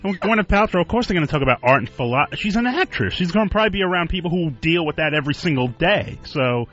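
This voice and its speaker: A man's voice: fairly high pitch, lively intonation, quick pace, fairly bright tone. A man chiming in on a radio talk show, rambling and stumbling over his words in casual banter. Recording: dull radio broadcast with faint music.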